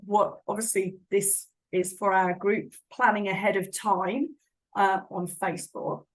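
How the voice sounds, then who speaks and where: Gentle, attentive woman host. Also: mid-range voice, fairly even intonation, measured pace, low-quality recording. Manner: gentle, attentive, quietly affirming. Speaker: podcast host. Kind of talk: casual conversational interview.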